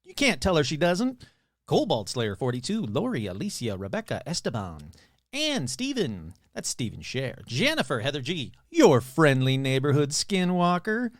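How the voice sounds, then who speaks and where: A man's voice: on the high side, huge pitch swings, normal speed, no room sound, clean studio sound. A man hosting his own podcast in a casual, rambling, chatty way, swearing freely. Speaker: podcast host. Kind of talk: casual chat.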